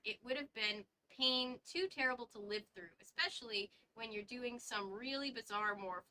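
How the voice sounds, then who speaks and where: A woman's voice: a little high, pushed and bright, a little hiss or hum, rough recording. A woman hosting a casual book read-along, reading aloud with stumbles and chatty asides. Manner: reads aloud with stumbles and side comments.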